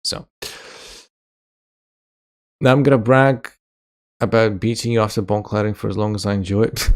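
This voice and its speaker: A man's voice: lowish voice, normal speed. A man casually chatting on a live stream, reading viewer comments aloud, joking and laughing often. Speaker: chess streamer.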